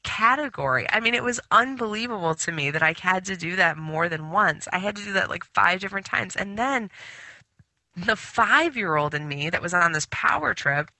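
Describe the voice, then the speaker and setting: Woman, spiritual radio host; very bright tone, dry close sound, chatty rambling delivery with lots of fillers. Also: medium pitch, lively intonation, moderate pace, dry recording. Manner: rambling storytelling with many fillers. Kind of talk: spiritual talk radio monologue.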